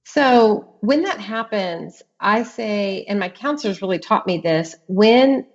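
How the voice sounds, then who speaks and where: A woman's voice: mid-range voice, expressive, slow, hardly any pauses, lo-fi sound. A middle-aged woman, a guest author on an interview podcast, who talks earnestly and leans into emphatic repetitions as she tells vivid stories. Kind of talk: conversational interview.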